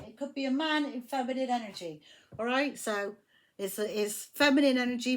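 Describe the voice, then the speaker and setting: A woman reads tarot cards at home in a chatty, emphatic way, with a voice a little higher than most. She swears freely and talks straight to her viewers. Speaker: tarot reader. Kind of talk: casual tarot reading to camera.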